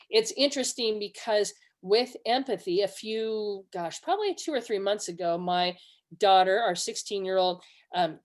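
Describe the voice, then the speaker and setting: A middle-aged woman presenting a webinar, teaching conversationally with personal stories and acting out quoted dialogue. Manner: earnest, acts out quoted dialogue with lively pitch jumps.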